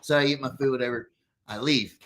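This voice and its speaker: A man hosting a casual chat, telling stories in an animated, profane way. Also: mid-range voice, brisk.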